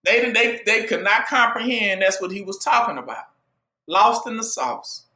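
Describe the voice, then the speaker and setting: A man's voice: high-pitched, moderate pace, bright, forceful tone, reverberant. A man preaching a sermon, driving it with call-and-response and rhetorical questions to his listeners.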